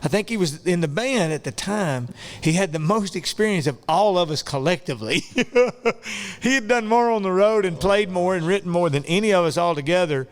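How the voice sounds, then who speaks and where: A man's voice: sits high, a little fast. A man hosting a podcast, telling road stories in a casual chat, often laughing as he remembers. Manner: laughing, storytelling, animated recollection. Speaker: podcast host, country singer.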